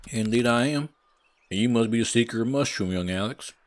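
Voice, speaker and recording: A man's voice: deep voice, expressive, slow, fairly bright tone, full character voice. A man voicing a mysterious male forest huntsman in a put-on brogue, saying "aye, lad", for a video game. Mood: grandiose.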